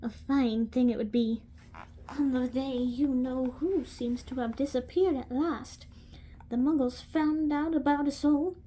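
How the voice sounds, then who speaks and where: A woman's voice: sits high, fairly even intonation, measured pace, warm tone, a little hiss or hum. A woman voicing a stern, irritable older woman professor with an attempted accent.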